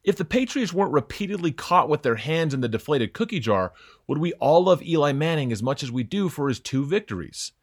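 A man's voice: on the high side, big pitch swings, brisk. A young man hosting a scripted sports opinion segment, talking in a sarcastic, mocking way with theatrical emphasis.

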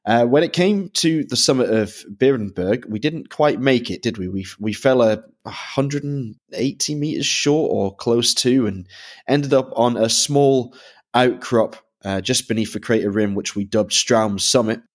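A man's voice: mid-range voice, unhurried. A man hosting a podcast who is a native English speaker, chatty and upbeat, asking long leading questions. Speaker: podcast host. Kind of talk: casual podcast interview.

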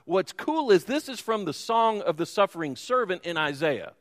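Pastor preaching in a reverberant hall. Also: male voice, high voice, big pitch swings, moderate pace, hardly any pauses, fairly bright tone. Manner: storytelling, self-deprecating asides. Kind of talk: sermon. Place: church sanctuary.

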